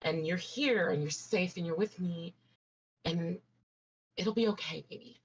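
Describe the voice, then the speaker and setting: A woman playing a mother in a tabletop game, speaking soft and soothing. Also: lowish voice, a little slow, slightly rough, lo-fi sound. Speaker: player.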